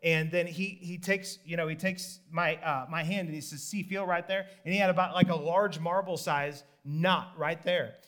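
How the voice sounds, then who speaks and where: A man's voice: normal speed, few pauses. A man preaching a sermon, telling a story with energy and acting out the people in it. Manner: animated storytelling, acts out the people in the story in higher voices, laughs.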